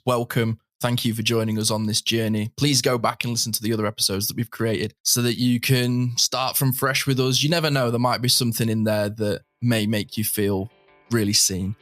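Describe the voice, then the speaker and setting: A man, co-hosting a podcast, speaking in a calm, reflective way. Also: medium pitch, dry recording, studio quality. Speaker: podcast co-host. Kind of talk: casual podcast conversation and outro.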